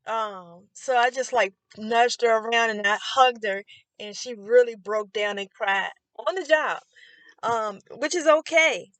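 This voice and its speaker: A woman vlogger telling a personal story in a slow, reflective way, with many pauses and fillers. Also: a little high, fairly bright tone, dry recording. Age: adult. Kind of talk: casual storytelling to camera.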